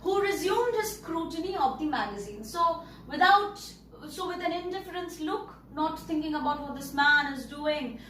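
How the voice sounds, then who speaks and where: High-voiced woman teacher in an echoey room. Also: normal speed, pushed and bright, recorded from a distance, a little hiss or hum. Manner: repeats and rephrases words to explain them. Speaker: English teacher. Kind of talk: explaining a story to pupils. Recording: echoey room, voice a bit off-mic.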